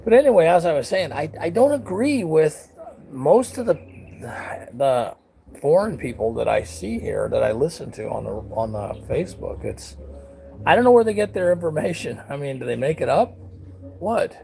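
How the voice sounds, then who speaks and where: A man's voice: fairly high pitch, very animated, normal speed, gravelly, mellow, slight background noise, rough recording. A man from the United States talking bluntly in a rambling, casual vlog on his back deck outdoors, with lots of fillers and restarts. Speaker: vlogger.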